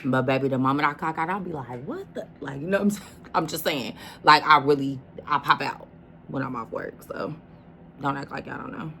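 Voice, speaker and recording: A woman's voice: rumbling low, brisk, sharp tone, slight background noise. A woman hosting a reaction video, talking casually and emphatically, often addressing the listener as "baby.".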